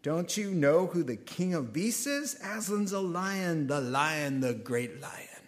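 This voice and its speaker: A man's voice: on the high side, lively intonation, takes it slowly. A man voicing a stern, insistent male talking beaver while reading a storybook aloud.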